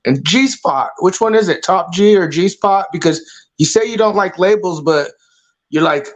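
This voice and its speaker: Man, livestream caller, mocking, confrontational, swearing, higher pitch. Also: unhurried, muffled recording. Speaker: call-in guest. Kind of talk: casual livestream chat.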